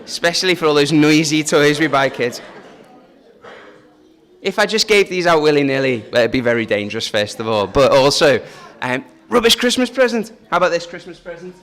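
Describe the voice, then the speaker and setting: A man's voice: a little high, brisk, a bit bright. A man leading a family church service, talking in a chatty, joking way and asking the children questions. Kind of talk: informal family service talk.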